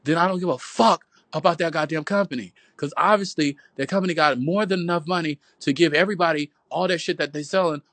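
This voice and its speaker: A man's voice: on the high side, fairly bright tone, no room sound. A man delivering a profane, rambling, sermon-like monologue on a phone livestream at home, calling his viewers "boo" and "y'all". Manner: profane, preachy, repetitive, calls listeners "boo" and "y'all". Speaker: livestream host.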